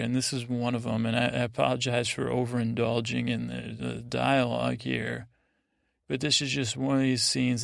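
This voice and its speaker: A man's voice: medium pitch, vocal fry, dry recording, clean studio sound. A man hosting a sleep podcast, rambling through a loose retelling of TV scenes with quoted lines. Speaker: podcast host.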